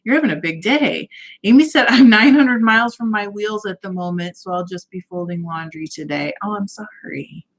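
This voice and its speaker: A woman's voice: mid-range voice, expressive, normal speed. A woman hosting a casual livestream from home, cheerfully greeting viewers by name and reading out their comments. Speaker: livestream host.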